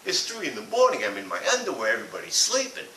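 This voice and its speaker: Animated loud-talking man, echoey and distant. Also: fairly high pitch, fast talker. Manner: animated, blunt and profane. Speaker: comedic ranter. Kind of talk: comic storytelling rant. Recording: echoey room from far off with hiss.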